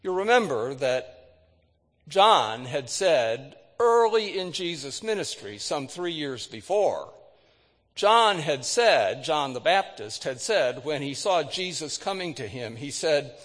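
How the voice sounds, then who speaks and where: A man preaching a sermon, retelling scripture with dramatic readings, lifting his voice for quoted words and dropping it low for solemn moments. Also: lively intonation, measured pace, a bit bright, in a large hall. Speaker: pastor.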